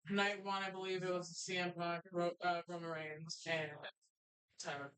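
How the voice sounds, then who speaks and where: A woman's voice: on the low side, flat delivery, moderate pace, fairly bright tone, smooth, rough recording. A woman co-hosting a live podcast from a bar, chatting eagerly and casually about wrestling. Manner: chatty, enthusiastic wrestling fan. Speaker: podcast co-host.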